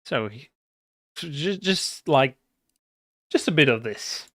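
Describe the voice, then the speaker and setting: A man's voice: medium pitch, expressive, takes it slowly, a bit bright, no echo, clean studio sound. A man from Germany with a German accent, chatting casually on a live stream, rambling and hesitant, with casual swearing. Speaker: livestreamer.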